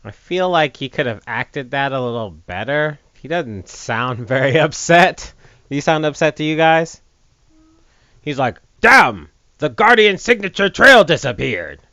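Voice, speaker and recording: A man giving casual let's play commentary, joking and mocking the game in an animated way. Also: mid-range voice, a little slow, smooth, no echo, lo-fi sound.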